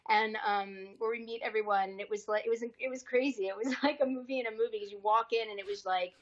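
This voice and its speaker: An actress being interviewed on a podcast, telling a career story in a casual, lively way and acting out the people she quotes with changing voices. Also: a little high, quick pace, highs cut off. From US East Coast. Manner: lively, acts out quoted dialogue with shifting voices.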